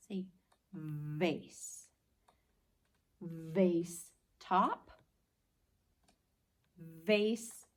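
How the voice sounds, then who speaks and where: A woman teacher giving an early-reading phonics lesson, patiently sounding out words slowly and clearly for young children. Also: low-pitched.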